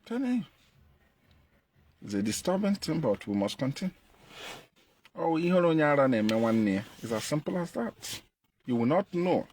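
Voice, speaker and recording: A man with a Nigerian Igbo accent delivering an impassioned political monologue, repeating his points and jumping in pitch for emphasis. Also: expressive, moderate pace, a little mellow. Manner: emphatic, repetitive, pitch leaps when stressing. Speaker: activist commentator.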